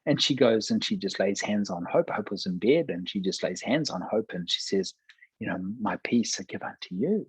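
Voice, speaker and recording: A pastor telling a personal testimony in conversation, earnest and acting out quoted dialogue. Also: male voice, lowish voice, expressive, moderate pace, breathy edge, dry recording, rough recording.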